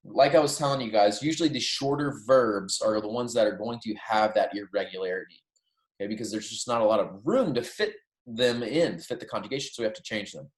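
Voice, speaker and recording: A man's voice: fairly low pitch, expressive, a little fast. A man, a Spanish teacher, giving a recorded lecture and walking through verb endings, often checking in with "right?" and "okay?". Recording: echoey room.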